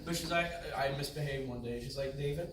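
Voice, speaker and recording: A man on a panel telling a comic childhood story, lively and laughing, acting out the voices he quotes. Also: mid-range voice, fairly quick. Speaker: panel guest. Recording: echoey hall from far off, loud crowd.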